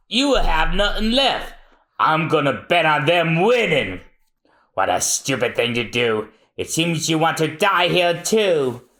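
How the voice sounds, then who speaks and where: A podcast co-host reading a manga aloud, narrating the panels between lines in an unhurried way. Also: medium pitch, sharp tone.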